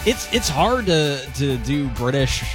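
A man's voice: fairly high pitch, big pitch swings, slow pace, music in the background. Easygoing male radio co-host. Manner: easygoing, laughs readily. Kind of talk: radio banter and weather and traffic reads.

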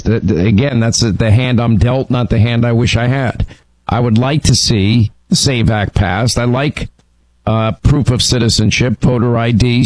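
A man's voice: medium pitch, darkish tone, no echo, poor audio. Radio host, man; emphatic, restarts often; dry studio mic. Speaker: radio talk show host. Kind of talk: call-in talk radio. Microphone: studio microphone.

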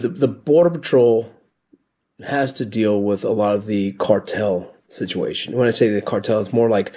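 Middle-aged guy with a real raspy husky voice telling his story, heartfelt, lots of ums. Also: lowish voice, a little mellow. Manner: earnest, heartfelt, halting with fillers. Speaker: former border patrol agent and medic. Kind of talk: personal storytelling on a radio show.

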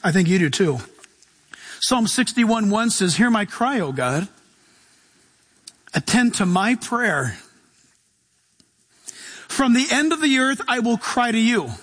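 A man preaching a sermon as pastor, animated, acting out voices and shouting at times. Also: very high-pitched, slow, pauses often, slightly rough. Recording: long hall reverb.

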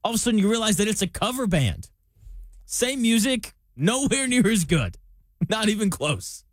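A man's voice: high voice, very animated, normal speed, no room sound. Chatty man analyzing football, dry close sound. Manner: chatty, jokey analogies, reads listener questions. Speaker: sports podcast host. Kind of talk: casual sports talk.

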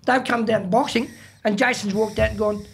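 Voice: medium pitch, steady tone, a little fast, vocal fry, a little hiss or hum. A speaker in a casual chat. The story is retold with emphasis, and the people in it are acted out as they speak. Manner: emphatic storyteller, acts out quoted speech.

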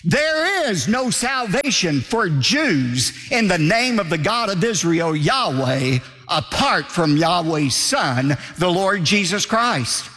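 A man's voice: sits high, big pitch swings, takes it slowly, few pauses, bright, forceful tone, big-room sound, soft background music. A male pastor delivering a sermon in an emphatic, declamatory way, driving points home by repetition.

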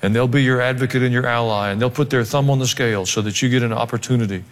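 A man's voice: medium pitch, fairly even intonation, fast. A male pastor preaching a sermon, swinging between joking asides and emphatic exhortation. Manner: humorous asides, emphatic rising delivery. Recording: long hall reverb.

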